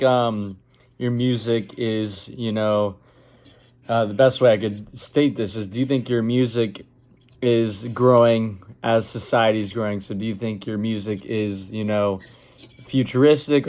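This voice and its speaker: Male radio host, lower pitch, casual and wordy, fumbles through questions. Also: a little mellow. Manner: rambling, searching for words in questions.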